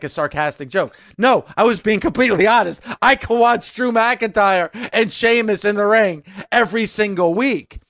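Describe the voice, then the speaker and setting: Casting note: male co-host, higher voice, chatty fan perspective, dry close recording. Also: a bit bright, no room sound. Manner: chatty, explains his view from a fan's angle. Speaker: podcast co-host. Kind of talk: casual wrestling talk.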